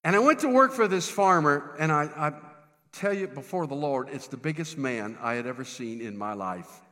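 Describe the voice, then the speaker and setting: Animated preacher telling a story. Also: male voice, fairly high pitch, moderate pace, big-room sound. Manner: animated, self-deprecating, stumbles and restarts. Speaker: pastor. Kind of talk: humorous sermon storytelling. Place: church sanctuary.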